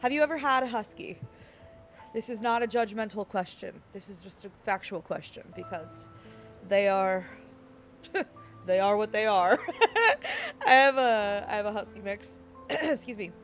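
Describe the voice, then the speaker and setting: A woman streaming and chatting casually, rambling and reading chat aloud, her voice croaky and worn out. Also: mid-range voice, normal speed. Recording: faint music underneath.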